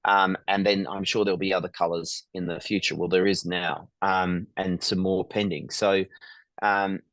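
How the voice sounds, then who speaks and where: A middle-aged man speaks in a low, reflective voice as he tells his story to an interviewer. He often pauses on ums and restarts his sentences. The sound is dry and close, with little room echo. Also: level tone, fairly bright tone. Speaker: guest, business founder.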